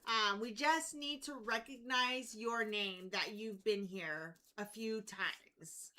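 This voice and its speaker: A woman's voice: a little high, takes it slowly, bright, forceful tone. A woman co-hosting a live auction stream, giving payment and bidding reminders and teasing the host. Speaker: co-host handling auction rules and chat. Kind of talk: casual reminders and banter.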